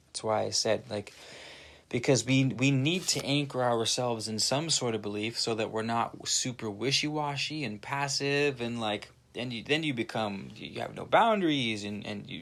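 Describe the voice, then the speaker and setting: An animated young man on his own channel, talking straight to camera in a loose, unscripted monologue. His voice sits at a middling pitch. He swears freely and keeps stopping to restart his sentences. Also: gravelly. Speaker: channel host. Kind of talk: casual spoken monologue to camera.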